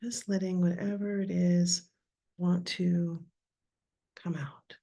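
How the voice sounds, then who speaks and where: A woman's low, gravelly voice leads a guided voice workshop on a live video call. She speaks softly, with a raspy edge, and often sinks into a hushed whisper as she invites listeners in. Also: little pitch movement, slow. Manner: soft, drifting into whispers while guiding. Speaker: workshop leader.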